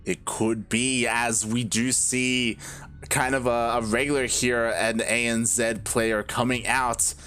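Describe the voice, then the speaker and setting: A man's voice: mid-range voice, little pitch movement, unhurried, pushed and bright. Laid-back man casting esports. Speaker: esports caster. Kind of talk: live game commentary.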